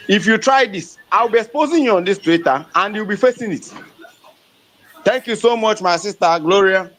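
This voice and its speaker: Fiery defiant man ranting, high voice. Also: noisy background. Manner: fiery, defiant, repetitive, at times shouting. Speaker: activist speaker. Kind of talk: impassioned live-audio rant. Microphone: phone.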